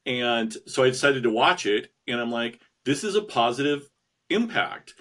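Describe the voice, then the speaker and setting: A man's voice: mid-range voice, lively intonation, normal speed, a bit bright. Sincere, determined man guest. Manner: sincere, determined, with slight restarts. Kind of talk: interview storytelling.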